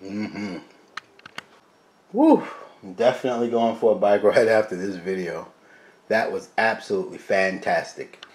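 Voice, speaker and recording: A man with a fairly low voice talks his way through a home cooking vlog. He chats to the viewers as "guys" and drops to a mumble while he works the food, with a faint hiss of noise underneath. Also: fairly even intonation, normal speed. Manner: quiet and mumbled while cooking, louder when addressing viewers. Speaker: cooking video host. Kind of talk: casual cooking vlog chat.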